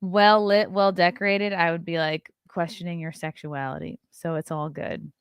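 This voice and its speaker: A woman hosting a casual podcast, talking in a chatty, joking way. Her voice sits a little low and comes across smooth and clear. The sound is dry and close, with no room around it. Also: fairly even intonation, no echo. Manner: chatty, joking, quick asides. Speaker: podcast host.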